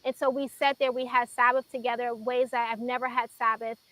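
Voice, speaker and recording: A woman in her thirties from Chicago sharing an earnest, emotional personal testimony on a faith talk show, with pauses as she tells it. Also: fairly high pitch, level tone, bright, forceful tone, dry recording, rough recording.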